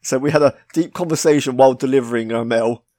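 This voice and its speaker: A man's voice: medium pitch, fast, warm tone, no echo, studio quality. A man with a British accent co-hosting a podcast, bantering in a bashful, self-mocking way. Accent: British English. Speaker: podcast co-host. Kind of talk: casual chat.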